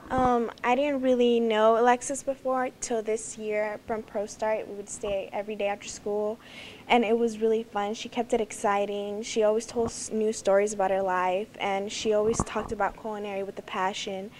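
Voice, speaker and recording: A woman's voice: mid-range voice, little pitch movement, normal speed, darkish tone, a little hiss or hum. A teenage girl fondly sharing memories of a classmate for a memorial, lightly amused. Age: teens. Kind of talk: memorial tribute.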